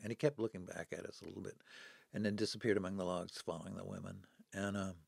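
A man's voice: low voice, little pitch movement, fast talker, creaky, a little mellow, dry recording. A man in his seventies, a podcast guest, telling stories in conversation and acting out the people he quotes. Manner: dramatic storyteller who acts out the people he quotes. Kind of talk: storytelling in conversation.

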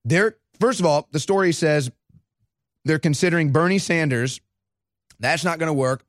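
Fired-up mocking guy hosting a politics show, bit high voice, dry close mic. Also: moderate pace, no room sound. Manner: excitable, mocking, frequent laughter. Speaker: host.

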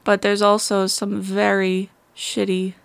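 A woman's voice: mid-range voice, completely flat delivery, unhurried, creaky, smooth, no echo. A woman co-hosting a podcast in casual chat, blunt and frank, swearing freely as she complains. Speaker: podcast co-host.

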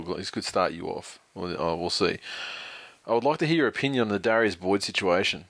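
An Australian man co-hosts a podcast in a blunt, sweary style. His voice sits low and is recorded dry, with no room sound. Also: no room sound. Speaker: podcast co-host. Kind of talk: casual podcast chat, reading a listener email.

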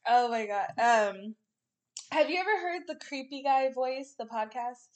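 Woman podcast co-host, higher voice, giggly and animated in casual chat. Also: measured pace. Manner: giggly, animated, jumps between topics.

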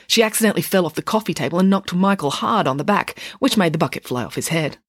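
A woman narrating a children's storybook in a wry, expressive way. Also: lowish voice, fast, no echo, studio quality. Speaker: audiobook narrator.

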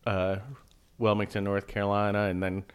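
A man's voice: on the low side, monotone, normal speed, clear, resonant tone. A man, a podcast guest who talks easygoing and jokey, thinking aloud with lots of fillers. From Richmond, Virginia, US. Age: 50s. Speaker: podcast guest, mental health counselor. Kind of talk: casual interview chat.

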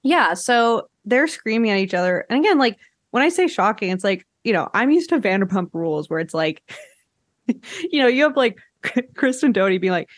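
A woman's voice: mid-range voice, big pitch swings, normal speed, no echo. Woman podcast host from Canada, chatty, laughs a lot, dry close mic. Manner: chatty, laughs often, many "like" fillers. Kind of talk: casual chat.

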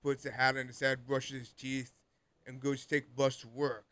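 A man's voice: mid-range voice, level tone, moderate pace, a bit bright, no echo. A young man co-hosting a podcast, chatting casually and rambling with lots of "like" and frequent laughter. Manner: rambling, laughs often, heavy use of "like". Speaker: podcast co-host. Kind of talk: casual chat.

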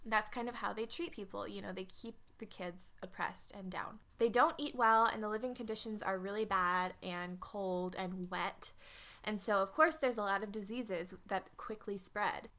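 A young woman talking through a classic novel in a relaxed podcast chat. Her voice sits at an ordinary middle pitch. She is chatty and wry, with frequent fillers and quick asides. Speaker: podcast co-host. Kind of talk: casual book discussion.

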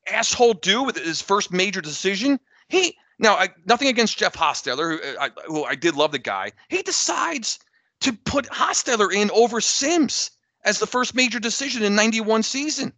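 Bright, blunt-talking male podcaster. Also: on the high side, dry recording. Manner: blunt, animated storytelling with swearing. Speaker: podcast co-host. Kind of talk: casual sports chat.

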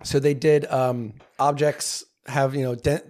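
A man's voice: mid-range voice, level tone, a little mellow. A young man co-hosting a podcast, explaining things in casual chat, stopping and restarting as he searches for words. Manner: explains haltingly, many fillers and restarts. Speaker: podcast co-host.

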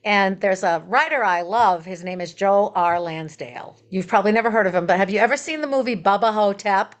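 A woman songwriter and performer, a guest on an interview show, telling stories in a chatty, animated way and laughing as she goes. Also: medium pitch, brisk. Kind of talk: casual interview storytelling.

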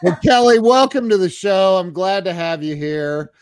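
A fairly high-voiced man hosts a casual interview, cracking jokes and greeting his viewers by name. His voice sounds dry and close to the mic. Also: animated, moderate pace, smooth, no room sound. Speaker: podcast host. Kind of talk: casual live-stream interview.

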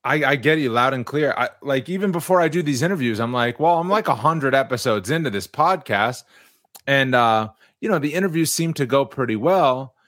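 A man hosting a podcast, asking questions in a relaxed, conversational way. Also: mid-range voice, brisk, no room sound, studio quality. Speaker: podcast host, interviewer. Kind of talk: casual podcast interview.

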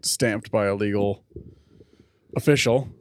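A man's voice: on the low side, steady tone, slow, slight background noise. A man co-hosting a casual whiskey-tasting podcast, rambling, joking and poking fun at himself. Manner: joking, rambling, self-deprecating. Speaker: podcast co-host.

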